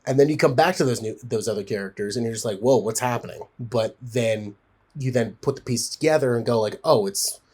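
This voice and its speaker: A man's voice: mid-range voice, brisk, darkish tone, breathy edge. A man giving a casual spoken film review, rambling with frequent fillers and restarts.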